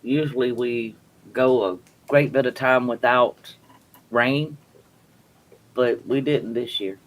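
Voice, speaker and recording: Male stream host, casual and unhurried, allergy cough, mid-pitched voice. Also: low-quality recording. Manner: chatty, talks to viewers in the live chat. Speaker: livestream commentary host. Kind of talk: casual live-stream chat.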